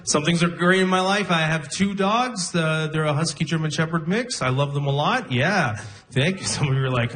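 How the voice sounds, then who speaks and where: A young man performing a stand-up comedy set, telling stories deadpan and laughing at his own jokes. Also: a little high, normal speed, noisy background. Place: comedy club stage with audience.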